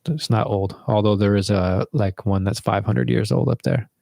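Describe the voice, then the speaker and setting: A man's voice: on the low side, moderate pace, creaky, warm tone, dry recording, studio quality. A young man telling a rambling, casual story to viewers from his bedroom, swearing freely as he goes. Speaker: vlogger.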